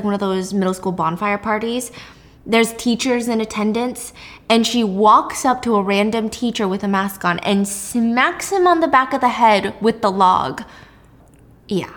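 A woman's voice: mid-range voice, normal speed. A woman from Korea casually retelling a drama plot, acting out the characters' lines. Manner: animated, acts out characters' lines. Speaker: storyteller recapping a drama. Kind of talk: casual retelling with acted quotes.

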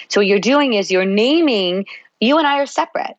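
A woman's voice: fairly high pitch, lively intonation, fairly quick, no echo, poor audio. A woman psychologist guest in a podcast interview, explaining at length and acting out little parent-child exchanges. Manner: warm explanatory, acts out parent-child dialogue.

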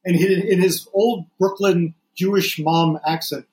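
A man's voice: high voice, steady tone, a little mellow, echoey room, low-quality recording. A man guesting on a podcast, telling anecdotes in casual conversation. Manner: chatty storyteller, quick anecdotes.

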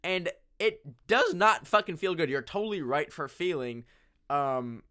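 A man's voice: fairly high pitch, measured pace. A young man hosting a casual solo podcast from his bedroom, rambling and swearing with lots of fillers. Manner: rambling, profane, filler-heavy, animated. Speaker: podcast host. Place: home bedroom, sitting on carpet.

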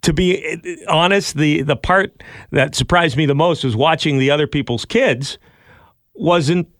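A man's voice: on the high side, measured pace, no echo. A man in his thirties co-hosting a casual studio podcast, laughing often and teasing himself. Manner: laughs often, animated and self-mocking. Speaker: podcast co-host. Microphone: studio microphone.

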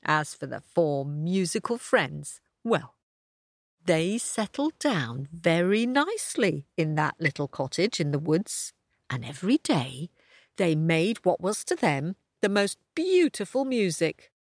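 Expressive woman storyteller, slow. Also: on the low side, no room sound, studio quality. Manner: expressive, sing-song. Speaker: storyteller host. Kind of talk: children's story narration.

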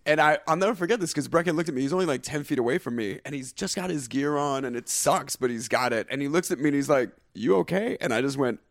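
Young man, gravelly, dry close mic, laughing storyteller. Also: medium pitch, fast talker, few pauses, dry recording. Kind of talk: casual podcast chat.

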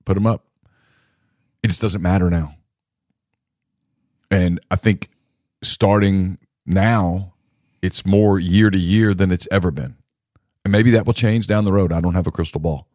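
A man with a lowish voice talks sports on a podcast, pushing his points hard and circling back to the same phrase again and again. His voice leaps up in pitch when he drives a point home. The sound is dry and close, with no room around it. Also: steady tone, a little slow, long pauses, no room sound. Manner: emphatic, repeats himself, rising to a near shout on key phrases. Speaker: podcast co-host. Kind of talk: casual sports talk.

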